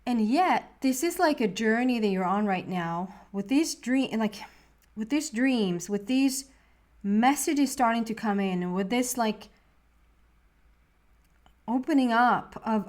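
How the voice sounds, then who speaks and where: A woman with a slightly higher voice gives a casual tarot reading, talking straight to her viewers. She rambles earnestly, leaning on fillers and restarting her sentences, and lets her feelings show. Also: lively intonation, takes it slowly, a little mellow. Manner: earnest and openly emotional. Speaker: tarot reader.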